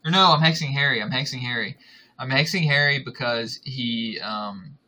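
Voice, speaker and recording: A man's voice: medium pitch, moderate pace, bright, forceful tone, poor audio. A man joking crudely as a podcast guest, rambling with fillers and laughs. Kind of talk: casual podcast chat.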